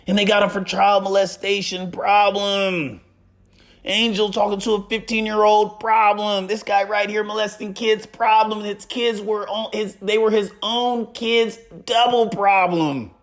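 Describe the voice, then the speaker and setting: A man dishes community gossip in a theatrical way, hammering the same one-word tag line and tossing in rhetorical questions. His pitch swoops from high squeaks down to low growls for effect. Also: flat delivery, measured pace. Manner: dramatic, repeats "problem" and "right?". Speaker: community gossip show host. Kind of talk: casual gossip commentary.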